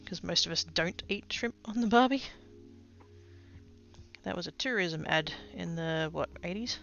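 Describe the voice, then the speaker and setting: Australian woman, casual streamer, bright tense tone, rambly asides, faint music behind. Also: on the low side, measured pace, creaky, dull audio. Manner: chatty, rambling, often trailing off into quiet asides. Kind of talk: casual livestream chat while crafting.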